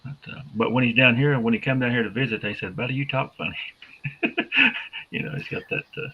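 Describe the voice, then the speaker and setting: A man's voice: medium pitch, fairly even intonation, fast, slightly rough. A man co-hosting a podcast in easygoing, folksy chat, full of fillers. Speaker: podcast co-host. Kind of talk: casual chat. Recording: dull lo-fi.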